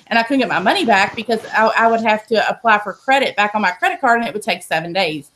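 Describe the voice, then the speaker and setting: A woman spins a story in a slightly high voice. She is blunt and profane, with lively, animated delivery that never softens the edges. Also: racing, hardly any pauses. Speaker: podcast host telling a story. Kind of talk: casual storytelling.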